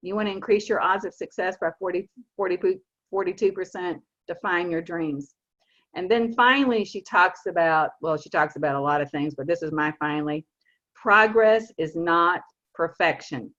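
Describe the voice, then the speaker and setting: A woman's voice: fairly low pitch, a bit bright. A woman in her sixties with a Southern accent, giving an earnest, emphatic motivational talk to her team on a video call. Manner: earnest, emphatic, stresses key words slowly. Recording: muffled lo-fi video call audio.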